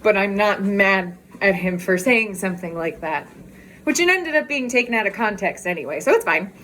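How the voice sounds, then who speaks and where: A woman's voice: mid-range voice, lively intonation, moderate pace, fairly bright tone, slight background noise. A woman vlogger chatting candidly in a casual walk-and-talk video, talking outdoors as she walks.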